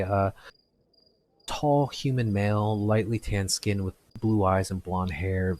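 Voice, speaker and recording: Low-voiced man running a tabletop game. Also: a little mellow. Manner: halting, full of fillers and restarts. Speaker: game master.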